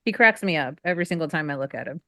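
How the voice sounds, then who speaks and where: A woman's voice: low voice, lively intonation, very fast, a bit bright, no room sound, clean studio sound. Chatty woman on a video call. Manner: chatty, bubbly, many fillers. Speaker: panelist. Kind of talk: casual chat on a video call.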